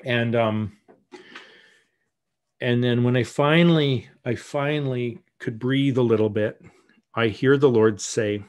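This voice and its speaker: A man teaching in a church, telling a personal story in a candid sermon style, with some lines dropped to soft murmured prayer. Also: medium pitch, slow pace, pauses often. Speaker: guest teacher.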